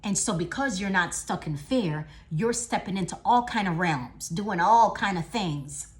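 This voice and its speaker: A middle-aged woman giving a motivational talk, emphatic and repetitive, swinging from loud declarations to hushed lines. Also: medium pitch, lively intonation, measured pace. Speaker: motivational speaker.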